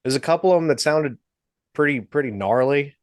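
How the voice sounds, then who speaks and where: A man hosting a video call chat about guitar rigs, relaxed and laid-back, with casual swearing. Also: fairly high pitch, fairly quick, no echo. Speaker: host.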